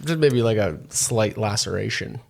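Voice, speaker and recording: A man's voice: fairly low pitch, moderate pace, gravelly, darkish tone. Dry, teasing man co-hosting a podcast. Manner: dry, teasing, steers the talk. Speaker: podcast co-host. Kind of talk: casual chat.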